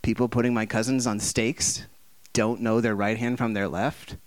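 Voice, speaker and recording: Recorded without echo, a man speaks at normal speed while delivering a fervent, conversational sermon. Rhetorical questions come rapid-fire, and he voices the people he quotes with large jumps in pitch and volume.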